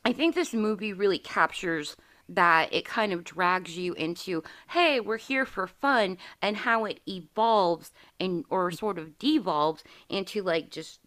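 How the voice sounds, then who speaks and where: A woman's voice: on the low side, a little slow, a bit bright. A woman in her forties hosting a podcast, telling a candid, profane personal story in casual chat. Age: 40s. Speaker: podcast host.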